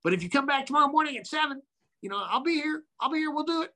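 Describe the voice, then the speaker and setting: Man doing a bright, high, eager ballplayer impression; quick and friendly. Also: expressive, exaggerated voice.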